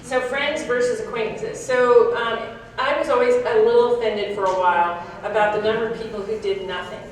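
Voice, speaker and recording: A woman's voice: on the high side, steady tone, a little fast. Woman speaking in an echoey hall. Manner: frank and reflective, with small laughs and restarts. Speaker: conference speaker. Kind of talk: candid talk to an audience. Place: large conference hall. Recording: echoey hall, picked up from a distance.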